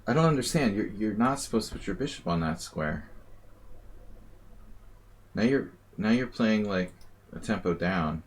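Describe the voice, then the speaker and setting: A man with a low-ish voice talking through a live game, muttering and thinking aloud as he goes. He teases his opponent in a casual, offhand way. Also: expressive, moderate pace, long pauses. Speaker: chess streamer and commentator.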